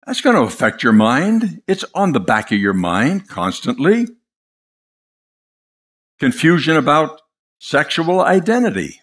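An older man preaching a sermon, impassioned and dramatic, telling stories with pauses for effect. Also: a little high, huge pitch swings, a bit bright.

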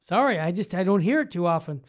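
A man's voice: high voice, expressive, quick pace. A man hosting a talk show in casual chat, jumping in with eager, emphatic remarks.

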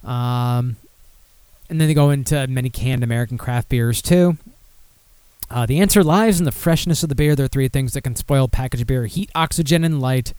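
A man's voice: mid-range voice, moderate pace, a little mellow, clear, resonant tone, no echo. A man casually hosting a beer podcast, rambling and swearing as he reads listener comments aloud. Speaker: podcast host.

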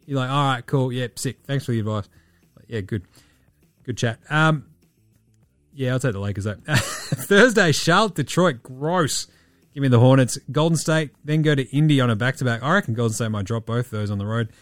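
A man hosting a podcast in casual sports chat, breezy and profane as he rattles off quick-fire picks. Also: medium pitch, animated, no room sound. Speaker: podcast host.

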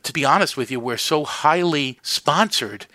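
A middle-aged man with a New York accent, a priest telling lively stories in a casual interview, quick to joke about himself. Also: a little high, no room sound. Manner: animated storyteller with self-deprecating humor. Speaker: priest running a Catholic media network.

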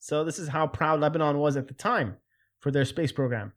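Animated man riffing in casual commentary. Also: on the high side, brisk. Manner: animated, jokey, loud when mimicking others. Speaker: host.

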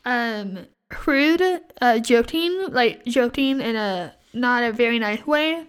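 A woman's voice: a little high, expressive, takes it slowly, clean tone. A young woman co-hosting a casual Bible study chat, talking in a loose way with fillers and easy laughs. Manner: chatty, many fillers, laughs easily. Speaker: podcast co-host.

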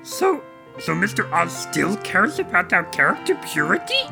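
High fussy monster voice, wobbles all over, gravelly, guitar behind. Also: male voice, wildly swooping pitch, moderate pace, exaggerated voice. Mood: anxious. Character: fretful furry blue monster, male. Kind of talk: comedy podcast skit.

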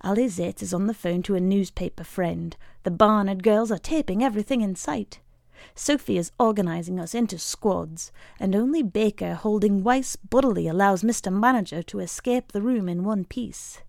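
A woman reading a short story aloud in a measured storytelling voice. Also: mid-range voice, gravelly, darkish tone, no echo, studio quality. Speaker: reader.

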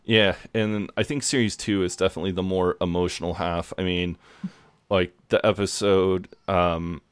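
A man's voice: low-pitched, steady tone, normal speed, clean tone, dry recording. A man co-hosting a podcast, chatting casually, swearing freely and often restarting his sentences. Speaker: podcast co-host. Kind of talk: casual chat.

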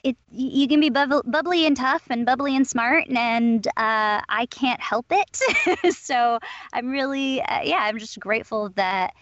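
A woman's voice: a little high, a little slow, a bit bright, no echo, muffled recording. A young woman from Southern California with a Valley Girl accent, a voice actress chatting in an interview, bubbly and upbeat with lots of fillers. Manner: bubbly, upbeat, laughs often, many fillers. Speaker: voice actress guest. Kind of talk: casual interview talk.

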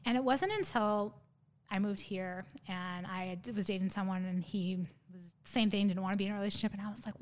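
A woman's voice: mid-range voice, fairly even intonation, fairly quick. A woman in her thirties, a podcast guest, telling a personal story in a nervous, rambling way with many fillers and restarts. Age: 30s.

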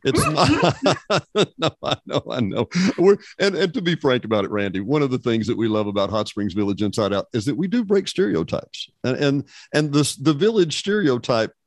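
Man, host, joking, animated pitch, dry close mic. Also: no room sound. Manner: joking, playful, teasing. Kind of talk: casual chat.

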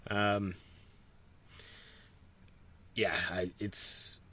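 A man hosting a casual podcast chat, relaxed and rambling, laughing often. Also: on the low side, drawn-out words, slightly rough. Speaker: podcast host. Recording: dull lo-fi sound.

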